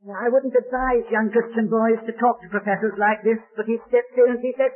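A man preaching a sermon with dramatic storytelling and slow, emphatic stresses. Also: extremely high pitch, fairly even intonation. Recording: tinny old lo-fi recording.

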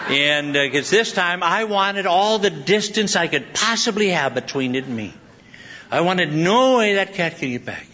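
A man's voice: sits high, lively intonation, normal speed, pushed and bright. A man preaching a sermon, telling a rambling personal story with frequent laughter and restarts. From Southern California. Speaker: pastor. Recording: dull lo-fi sound.

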